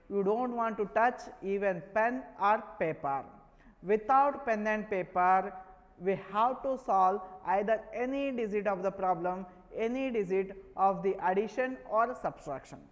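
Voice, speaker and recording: A man's voice: high voice, long reverb tail, rough recording. A man with an Indian English accent teaching a maths lesson, repeatedly asking questions and answering them himself. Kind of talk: online classroom lesson.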